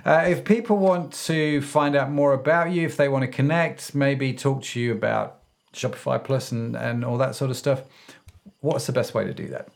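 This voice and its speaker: A man's voice: mid-range voice, normal speed, gravelly. A male podcast host who wraps up a casual interview in an upbeat, effusive way and laughs easily.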